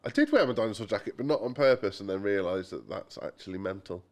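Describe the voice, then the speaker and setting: A man's voice: on the low side, expressive, quick pace, a little mellow. A young man co-hosting a casual podcast, telling chatty anecdotes and quoting people in voices. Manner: chatty storyteller, quotes people in voices, mild swearing. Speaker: podcast co-host.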